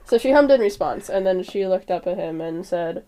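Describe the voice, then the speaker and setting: A woman's voice: lowish voice, lively intonation, moderate pace, mellow, slight background noise. A woman player describing her character in a tabletop game, hesitant and trailing off with lots of fillers.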